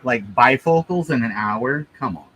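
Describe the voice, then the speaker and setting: Man, 30s to 40s, deadpan, rambling jokes, mid-pitched voice, video call, computer mic. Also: moderate pace, slight background noise. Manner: deadpan joking, rambling tall tales. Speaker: guest on a livestream. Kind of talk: casual chat on a video call.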